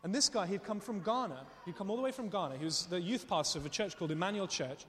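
A man preaching a sermon, telling stories in an animated way and laughing often as he speaks. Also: high voice, fast. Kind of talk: sermon with storytelling. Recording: long reverb of a hall.

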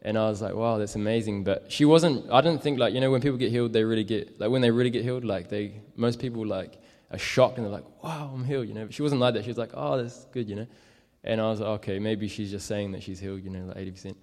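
A man's voice: lowish voice, fairly even intonation, quick pace, few pauses, a little mellow, in a large hall. A young man telling a casual, rambling story as a street evangelist, full of fillers. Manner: rambling, many fillers and likes.

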